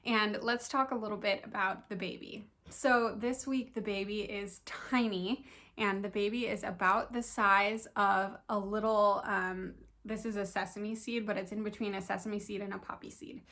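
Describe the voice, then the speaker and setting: A young woman talking casually to camera about her week, chatty and excited, with many fillers. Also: medium pitch, moderate pace. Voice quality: creaky. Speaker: vlogger sharing pregnancy update.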